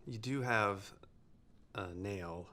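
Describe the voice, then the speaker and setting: An actor in a comedic short film playing a calm boyfriend who keeps reasoning and trying to fix things. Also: male voice, on the low side, extremely slow, heavily acted.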